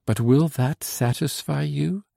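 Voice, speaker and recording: A man's voice: fairly high pitch, a little slow, gravelly, dark tone, dry recording, pitched above the performer's own voice, exaggerated voice. A man reading an audiobook and voicing an earnest young French woman in hiding, in a raised, pleading tone. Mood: devoted.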